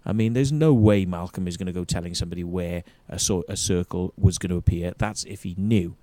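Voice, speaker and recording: A man's voice: low voice, brisk, dark tone. A man hosting a show, ranting profanely and combatively as he comments on an interview clip. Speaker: show host.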